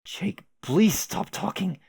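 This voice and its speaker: Man reading as a furious young woman, biting, exasperated, swears, slightly raised pitch, dry sound. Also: slow, creaky, a little mellow, breathy edge, no room sound, full character voice. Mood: angry. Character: fed-up young woman, furious and sharp-tongued.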